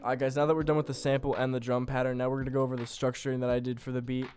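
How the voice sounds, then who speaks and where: A man's voice: medium pitch, level tone, very fast, darkish tone. A young man casually talking through how he built a beat, loose and full of fillers, poking fun at himself. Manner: loose, filler-heavy, self-deprecating. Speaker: beat producer. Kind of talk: casual tutorial narration.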